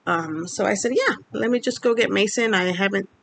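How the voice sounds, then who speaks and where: With a brisk, gravelly, medium-pitched voice, a Mexican woman in her twenties shares a personal story openly on her casual vlog. She rambles and leans heavily on fillers, and there's a little background noise.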